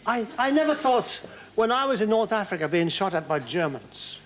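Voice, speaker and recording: A comedian in his seventies, appearing as a guest on a television talk show, tells rambling, playful anecdotes with stammering restarts. His voice is high-pitched and a bit bright, with big pitch swings at a normal speed. The studio has a live audience, and laughter can be heard in the background.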